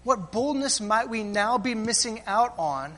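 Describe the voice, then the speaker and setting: A man's voice: high-pitched, lively intonation, a little slow, pushed and bright. A man preaching a sermon as pastor, asking the congregation rhetorical questions and often tagging "right?" and "friends".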